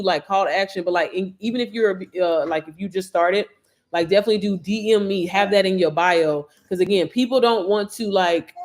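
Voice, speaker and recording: Chatty woman livestreaming to viewers. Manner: chatty, slangy, addresses viewers directly; lively swings in pitch and loudness. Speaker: online business coach. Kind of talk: casual livestream talk.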